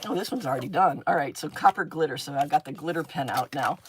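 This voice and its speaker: A woman's voice: sits low, quick pace, noisy background. A woman chats her way through a crafting livestream, talking to viewers while she works. She rambles from thought to thought, laughs often, and hums little sound effects as she draws. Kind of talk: casual chat while crafting.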